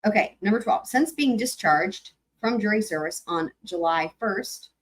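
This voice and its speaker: A woman hosting a live stream, reading court filings aloud and commenting on them in a chatty, animated way. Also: medium pitch, moderate pace, rough recording. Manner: chatty, animated, breaks into sung snippets.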